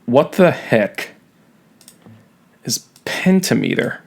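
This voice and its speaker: A man's voice: medium pitch, big pitch swings, slow, creaky. A man teaching a recorded lesson, playful and jokey, leaning hard on key words. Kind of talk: recorded classroom lecture.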